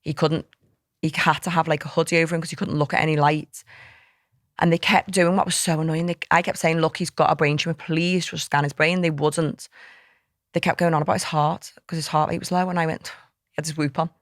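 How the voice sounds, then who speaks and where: A podcast guest, a woman, gives a candid interview about a hard personal experience, her heartfelt story spilling out with plenty of quoted dialogue. She speaks briskly in a low, level voice. The recording is studio quality with no room sound.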